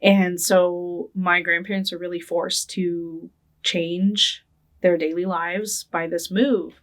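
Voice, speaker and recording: A young adult woman from Northern California, recalling her childhood in a relaxed, conversational oral history interview, often checking in with "right?". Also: lowish voice, takes it slowly. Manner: conversational, often tags with "right?", laughs lightly. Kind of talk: reflective personal storytelling.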